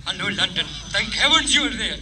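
A man's voice: high-pitched, lively intonation, a little fast, bright, forceful tone, heavily acted. A man voicing assorted foreign radio operators in an old comedy broadcast, pleading urgently and then bidding curtly. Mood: panicked. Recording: noisy old broadcast recording.

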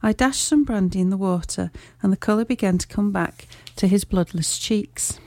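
Mellow-voiced woman narrating a classic story. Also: medium pitch, no room sound. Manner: measured, clear storytelling. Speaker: audiobook narrator. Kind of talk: first-person audiobook narration.

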